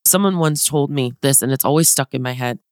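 A woman's voice: rumbling low, brisk, no room sound, clean studio sound. A woman in her thirties hosting a motivational podcast, talking to listeners in an upbeat, chatty, direct way. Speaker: podcast host and business consultant.

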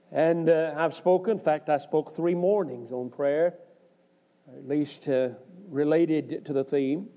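A man preaching a sermon, speaking slowly and deliberately with pauses. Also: on the high side, warm tone.

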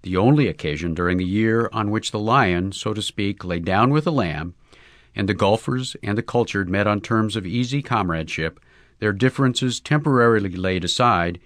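A man reading a short story aloud in measured, wry storytelling. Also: fairly low pitch, animated, dry recording, clean studio sound. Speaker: audiobook reader. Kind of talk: scripted narration.

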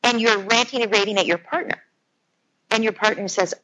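A woman's voice: mid-range voice, a little fast, pushed and bright, lo-fi sound. A woman speaking as a parenting expert, earnestly explaining her ideas through everyday scenarios. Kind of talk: conversational explanation.

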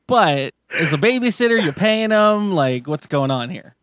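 A man's voice: high voice, animated, normal speed, fairly bright tone, clean tone, no room sound, studio quality. A man hosting a podcast, telling a story in a rambling, profane, casual way with many restarts. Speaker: podcast host. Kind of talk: casual chat, retelling a story.

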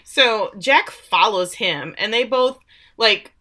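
A woman's voice: medium pitch, lively intonation, takes it slowly, sharp tone. A woman co-hosting a podcast, recapping a TV episode in casual chat with sarcastic asides and lots of fillers. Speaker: podcast co-host.

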